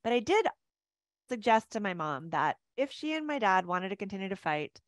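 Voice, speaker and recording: A woman in her fifties coaches a webinar audience over a video call. Her talk is animated and chatty, with easy laughs, and it sounds dry, close and unreverberant. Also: medium pitch, moderate pace, dry recording. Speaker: mindset coach.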